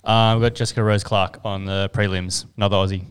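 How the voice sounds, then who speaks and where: A man co-hosting a casual sports podcast, measured as he reads out details. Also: lowish voice, level tone, smooth. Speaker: podcast co-host looking up facts.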